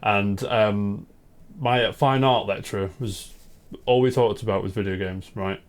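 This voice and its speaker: Low-voiced podcast host. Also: male voice, fairly even intonation, measured pace. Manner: matey, storytelling, says "mate" often. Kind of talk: casual chat.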